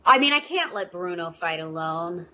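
A woman playing in a tabletop game, declaring her actions hesitantly, with many pauses. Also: lowish voice, animated, sharp tone. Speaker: player. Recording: dull lo-fi audio with faint noise.

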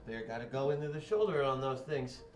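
A man's voice: mid-range voice, lively intonation, a little fast, faint music behind. A man playing in a tabletop game, talking casually and joking around. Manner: playful, jokey. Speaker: player.

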